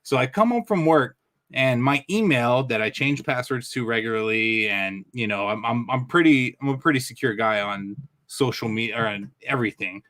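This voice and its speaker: A man's voice: medium pitch, normal speed, fairly bright tone. A man co-hosting a podcast, launching into an angry, profane rant and swearing constantly. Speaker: podcast co-host. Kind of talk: casual ranting podcast chat.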